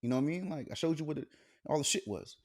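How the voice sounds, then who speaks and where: A man co-hosting a podcast, chatting casually and telling stories in a profane, animated way. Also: fairly high pitch, very fast. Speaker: podcast co-host. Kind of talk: casual chat.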